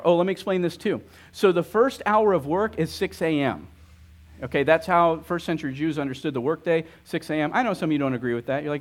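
A man's voice: on the high side, lively intonation, fairly quick. A young adult man, a pastor, teaching a sermon in a conversational way, asking the audience questions and reading scripture aloud.

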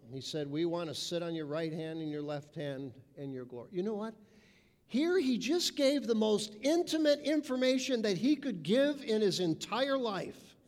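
A man preaching a sermon with emphasis, mimicking people's voices. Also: very high voice. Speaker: pastor. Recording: reverberant hall.

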